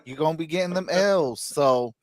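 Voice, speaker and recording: A man's voice: on the high side, moderate pace, dry recording, clean studio sound. A man hosting a casual sports podcast, rambling with lots of fillers and restarts. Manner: rambling, many fillers, laughs at own jokes. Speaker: host.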